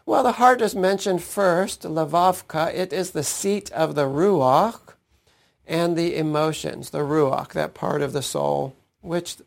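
A man's voice: a little high, takes it slowly, vocal fry. A man teaching a weekly Torah portion, thoughtful, often checking in with "right?". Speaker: Bible teacher.

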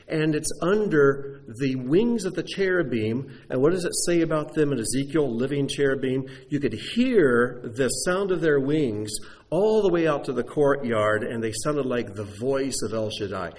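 A male preacher teaching from Scripture with a lively, sweeping voice that rises and falls. He explains Hebrew words carefully and builds his points step by step. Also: mid-range voice, normal speed. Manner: animated teaching delivery, spelling out Hebrew words. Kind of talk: sermon teaching.

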